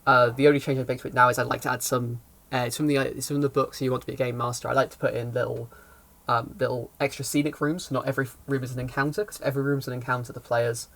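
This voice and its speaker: A man's voice: mid-range voice, little pitch movement, rapid-fire, gravelly, fairly bright tone. A man who runs tabletop games, telling a rambling, self-correcting story about a session in a casual explainer talk. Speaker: game master giving advice.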